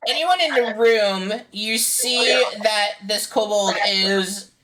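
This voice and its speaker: A woman's voice: medium pitch, slow pace, over a noisy crowd, rough recording. A woman narrating as game master of a tabletop game, loose and rambling with lots of fillers.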